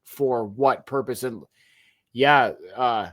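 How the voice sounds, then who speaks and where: A man's voice: mid-range voice, takes it slowly. Emphatic man co-hosting a podcast. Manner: animated, emphatic, restarts phrases often. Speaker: podcast co-host. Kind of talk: casual wrestling history chat.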